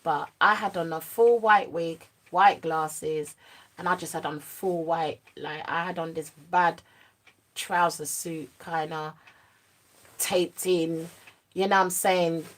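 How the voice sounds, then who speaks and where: A young woman tells a true story straight to camera, her voice sitting fairly low. She talks in animated street slang, drops to a murmur at the serious moments and gets lively when she acts things out. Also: slow. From United Kingdom. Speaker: vlogger. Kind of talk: storytime monologue.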